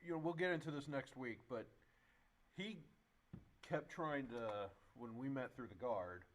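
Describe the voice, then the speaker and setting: A man's voice: mid-range voice, measured pace. Man prompting with short affirmations. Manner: brief affirming interjections. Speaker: pastor interviewer. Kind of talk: casual interview.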